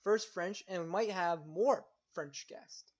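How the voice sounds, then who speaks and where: A man's voice: sits high, takes it slowly, muffled recording. A man co-hosting a casual streamed talk show, chatting loosely and often stammering and repeating words. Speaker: co-host.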